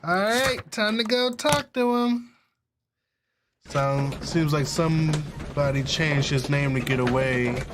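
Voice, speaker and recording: A man chats loosely while playing a game, joking and cursing freely as he reacts. His voice sits a little higher than most men's. The talk is casual and rambling let's-play commentary. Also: takes it slowly, background noise. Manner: chatty, profane and joking. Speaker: gaming streamer.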